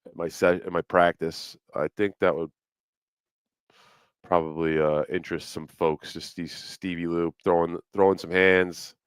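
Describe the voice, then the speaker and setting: A man with a low, smooth voice chats loosely on his livestream, swearing freely and wandering between topics with lots of fillers. The sound is close and dry, with no room echo at all. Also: a bit bright. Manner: loose, profane, rambling with fillers. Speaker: livestream host. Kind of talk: casual livestream chat. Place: home, New York City.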